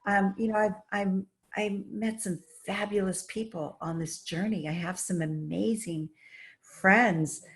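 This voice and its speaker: A woman's voice: mid-range voice, fairly even intonation, measured pace. A woman guest on a podcast, telling her stories with enthusiasm in a casual, run-on way. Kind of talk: casual interview storytelling.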